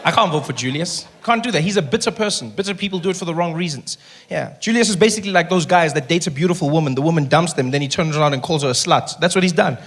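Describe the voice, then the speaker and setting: A man's voice: fairly high pitch, quick pace. A male stand-up comedian with a South African accent, telling jokes playfully on stage and slipping into impressions. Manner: animated, playful, slips into impressions. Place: live comedy venue with audience. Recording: live show with crowd and noise. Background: audience crowd.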